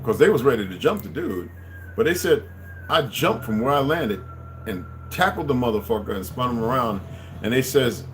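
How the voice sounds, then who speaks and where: A middle-aged man telling a rambling, profane story that turns into a loud rant. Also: medium pitch, noisy background. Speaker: channel host telling stories.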